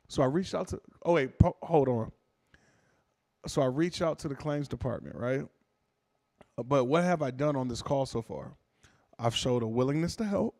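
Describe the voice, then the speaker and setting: A man's voice: medium pitch, normal speed, dry recording, clean studio sound. A man doing a stand-up comedy set, telling stories casually and acting out voices. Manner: casual, animated storytelling with character voices.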